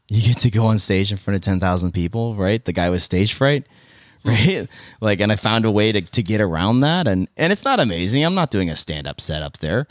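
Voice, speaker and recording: A man with a Californian accent and a low voice, telling stories on a podcast. He rambles, restarts sentences and throws in animated asides. The sound is dry and close to the mic. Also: no echo. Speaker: podcast guest, former radio host and event MC. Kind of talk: casual interview chat.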